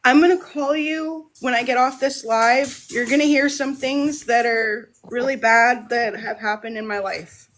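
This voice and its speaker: A woman's voice: fairly high pitch, unhurried, a bit bright. A woman talking on a casual livestream from home, rambling and restarting her phrases. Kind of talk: casual live monologue.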